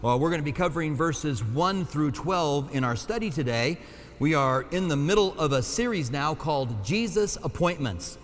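A man's voice: on the high side, lively intonation, normal speed. A man preaching a sermon as pastor, conversational and loose, with fillers and self-corrections. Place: church sanctuary. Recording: long hall reverb.

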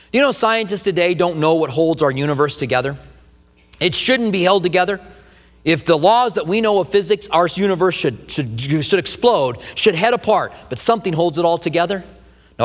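A man in his fifties delivers a sermon in a high voice. He moves between homey, joking stories and slow, stressed lines of scripture. His voice rings with the long reverb of a church hall. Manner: folksy, animated preaching with humor and slow emphatic stresses. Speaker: pastor.

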